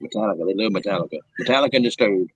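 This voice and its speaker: A man's voice: fairly low pitch, expressive, rapid-fire, breathy edge, no echo, lo-fi sound. A man hosting a casual chat, rambling and laughing often as he tells stories. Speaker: show host.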